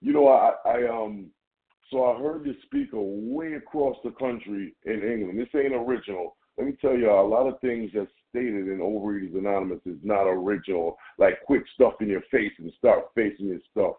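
Jamaican guy sharing at a meeting, slangy and jokey, gravelly, phone call sound. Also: lowish voice, expressive, moderate pace. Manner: playful slangy banter with laughs. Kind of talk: casual share at a recovery meeting. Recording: tinny phone line.

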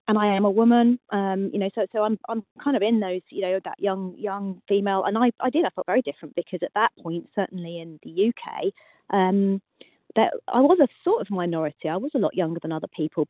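A woman's voice: medium pitch, dry recording. Reflective English woman, thin dry line. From England, UK. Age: 40s. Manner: reflective, hesitant, many "um"s. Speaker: meeting member sharing. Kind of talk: casual sharing at a recovery meeting. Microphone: video call. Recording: dry tinny phone-like line.

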